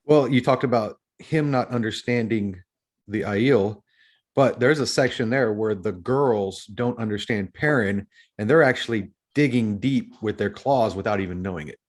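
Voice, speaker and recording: A man's voice: on the low side, normal speed. A man co-hosting a casual book discussion podcast, reflective, asking questions and adding his own commentary. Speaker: podcast co-host.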